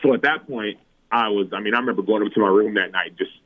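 Animated man on a phone-like line. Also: fast, slight background noise. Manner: animated, acts out his own past words with big pitch jumps. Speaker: podcast guest, former pro football player. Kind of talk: personal storytelling in an interview. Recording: phone-like narrow audio.

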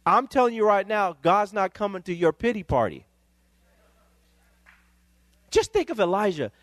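Man, pastor, sermon, fervent emphatic peaks, slightly high voice. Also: moderate pace, no room sound. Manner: rising to excited emphatic peaks.

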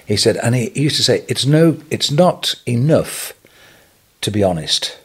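An older English man, a retail businessman, telling stories as a guest on an interview podcast, animated and chuckling as he goes. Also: mid-range voice, moderate pace, slightly rough. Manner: animated anecdotal storytelling, chuckling. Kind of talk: storytelling interview.

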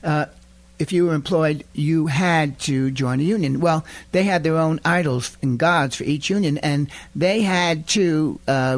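A man preaching a radio sermon emphatically, building to loud indignant rises. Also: fairly high pitch.

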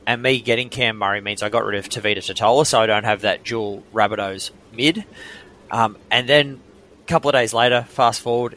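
Bright-voiced Australian man, emphatic. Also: lowish voice. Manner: emphatic, opinionated, frequent ums. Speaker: podcast co-host. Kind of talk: casual sports chat.

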